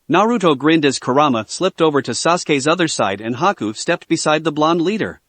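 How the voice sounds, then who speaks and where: A man narrating a fan fiction story in a steady storytelling manner. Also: a little high, fairly quick, few pauses, no echo.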